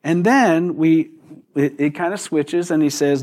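A man preaching a sermon in a relaxed, conversational way, often putting questions to the congregation. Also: on the high side, a little slow. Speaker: pastor.

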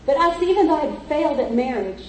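This woman preacher has a high, darkish voice and speaks expressively at a quick pace, delivering an emphatic storytelling sermon. She is heard from a distance in a church full of echo and faint noise.

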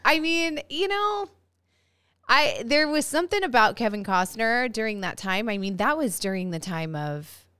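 A woman's voice: a little high, expressive, normal speed, bright, forceful tone, smooth, dry recording, studio quality. A woman co-hosting a podcast, chatting casually, teasing and laughing often. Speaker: podcast co-host. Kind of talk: casual chat.

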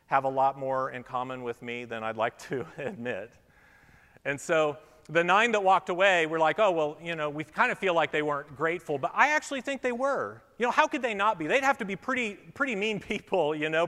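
Speaking in a high, fairly bright register, this male pastor banters playfully with children on a church stage, then moves into scripture reading and reflection in a sermon built around a children's object lesson. The sound carries a long reverb from the hall.

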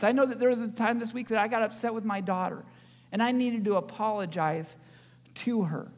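High-voiced man preaching in a hall. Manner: joking, audience-engaging preacher. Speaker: pastor. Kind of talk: sermon. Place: church.

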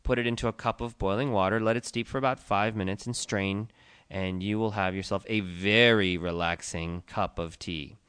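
A man with a low, smooth, resonant voice co-hosts a relaxed tea podcast. He explains and lists facts in a steady, informative way. The sound is dry and close. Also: moderate pace, no room sound. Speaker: podcast co-host, tea shop owner. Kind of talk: casual informational chat.

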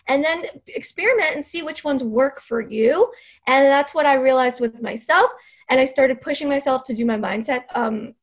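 High-voiced, encouraging woman teacher. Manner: earnest, encouraging, self-correcting. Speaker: teacher and coach, podcast guest. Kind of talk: casual interview chat.

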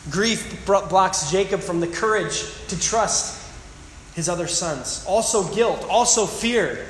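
A man's voice: a little high, fairly bright tone, slight background noise. A man preaching a sermon, reading scripture dramatically with emphatic asides. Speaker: pastor. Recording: echoey hall with long reverb.

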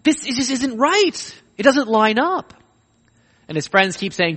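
High-voiced preacher in a reverberant hall. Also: male voice, measured pace. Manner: animated, swings between hushed and emphatic. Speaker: pastor. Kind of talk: sermon.

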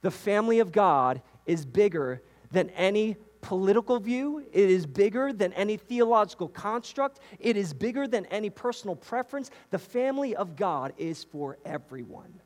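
Man from New York, lively preacher in a reverberant sanctuary, higher pitch. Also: moderate pace, hardly any pauses. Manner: animated preaching with repetitions and asides to the congregation. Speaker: pastor. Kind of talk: sermon. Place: church sanctuary.

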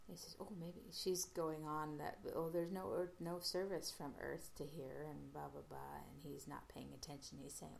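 A woman casually retelling an episode's plot as a podcast host, halting often with fillers and restarts. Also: low-pitched, little pitch movement, creaky, slight background noise.

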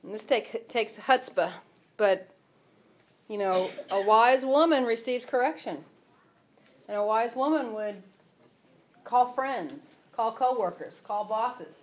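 A woman's voice: a little high, slow, pauses often. Conversational woman hosting faith talk. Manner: conversational, quotes scripture.

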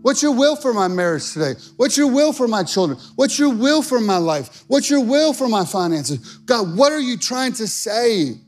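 A man's voice: extremely high pitch, big pitch swings, moderate pace, few pauses, soft background music. A male pastor preaching a sermon in an earnest, conversational way.

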